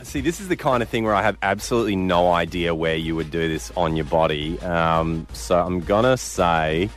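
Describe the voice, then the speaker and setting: A man hosting a breakfast radio show, chatty and animated. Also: sits low, moderate pace, faint music behind. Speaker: radio host.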